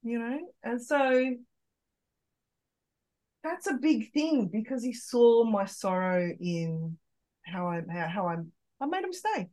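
A woman's voice: a little high, expressive, takes it slowly, long pauses, a little mellow, rough recording. A middle-aged woman, a podcast guest, telling an open, emotional personal story in casual conversation, with many restarts.

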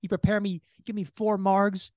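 A man co-hosting a comedy podcast, telling a long story in an animated, profane way and jumping into high voices when he quotes people. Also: normal speed, no echo. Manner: laughing, profane. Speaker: podcast co-host.

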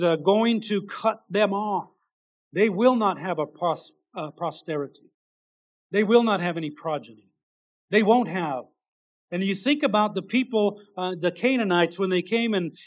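A man preaching a sermon in an earnest, halting way, restarting phrases and rising into emphatic bursts. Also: high voice.

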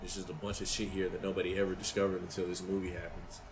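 A man's voice: deep voice, completely flat delivery, fast, low-quality recording. A young man co-hosting a stream, chatting casually in a slangy, profane way. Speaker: stream co-host. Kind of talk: casual chat.

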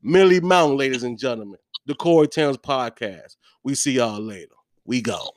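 A man hosting a podcast interview in a relaxed, slangy way, often repeating his phrases. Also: mid-range voice, moderate pace, no room sound, clean studio sound. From Virginia, USA. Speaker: podcast host. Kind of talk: casual interview chat.

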